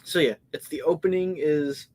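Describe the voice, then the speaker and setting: A man co-hosting a live podcast in a casual movie review chat, retelling scenes with lively acted-out quotes. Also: fairly high pitch, moderate pace, soft background music. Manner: animated storyteller, acts out scenes. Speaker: podcast co-host.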